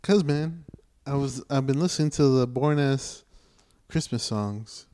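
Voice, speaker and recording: Slangy, joking podcast co-host. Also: male voice, mid-range voice, unhurried, dark tone. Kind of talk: casual chat.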